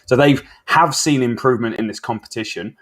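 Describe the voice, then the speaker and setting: A man's voice: mid-range voice, a little fast, a bit bright. A man hosting a cricket podcast, talking in an upbeat, matey way with easy banter. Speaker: podcast host. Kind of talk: casual cricket chat.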